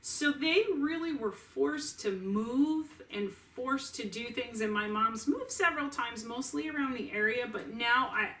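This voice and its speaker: A woman's voice: fairly high pitch, unhurried, few pauses, fairly bright tone, distant mic. A middle-aged woman talking casually and earnestly to camera as a family caregiver, with restarts and asides. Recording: roomy echo, voice set back from the mic.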